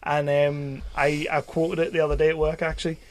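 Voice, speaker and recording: A man co-hosting a film podcast, talking in an excitable, jokey and rambling way. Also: a little high, fairly quick. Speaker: podcast co-host. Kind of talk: casual film chat.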